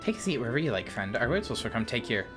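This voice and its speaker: A woman's voice: very deep voice, big pitch swings, rapid-fire, music in the background. Woman reading as a courteous innkeeper woman. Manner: reads lines aloud, tripping over words.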